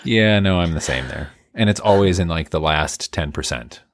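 Very deep-voiced man, dry close sound. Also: expressive, moderate pace, no room sound. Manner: easygoing, agreeable, laughs along. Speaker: podcast co-host. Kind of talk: casual podcast chat.

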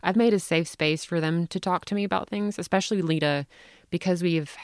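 Woman podcast host telling a family story, kinda low voice, dry studio sound. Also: fairly quick, smooth, dry recording. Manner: candid, animated, laughs often. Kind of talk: casual storytelling chat.

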